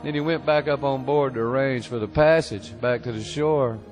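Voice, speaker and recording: A man's voice: medium pitch, fairly even intonation, normal speed, a little mellow, faint music behind. A man telling a historical tale as a profane, folksy storyteller, full of swearing and colloquial talk.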